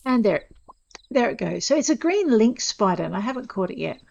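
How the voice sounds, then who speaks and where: A woman's voice: fairly high pitch, very animated, brisk, gravelly, a little mellow, dull audio. A woman chatting casually to her viewers as she plays a game, self-deprecating and talkative. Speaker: gameplay narrator. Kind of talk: casual let's-play commentary.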